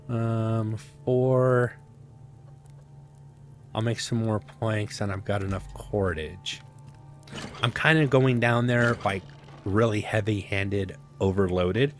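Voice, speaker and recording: A man casually commenting on his own survival gameplay, rambling to himself with sarcastic asides. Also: on the low side. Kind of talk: casual let's-play commentary.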